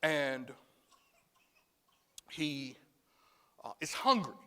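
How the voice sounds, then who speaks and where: A man preaching a sermon as pastor, calling on the congregation to answer back and building up to shouts. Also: on the high side, lively intonation, drawn-out words, clean tone, in a large hall. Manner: call-and-response preaching, rising to shouts. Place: church sanctuary.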